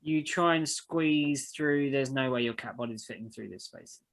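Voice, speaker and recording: A man running a tabletop game as game master, describing scenes in a loose, relaxed way. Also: medium pitch, normal speed, low-quality recording. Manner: relaxed, descriptive, filler-heavy.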